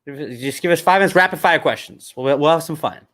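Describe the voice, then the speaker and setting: A man's voice: a little high, fast talker, fairly bright tone. A man co-hosting a football podcast over a video call, joking and bantering playfully. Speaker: podcast co-host. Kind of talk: casual football chat.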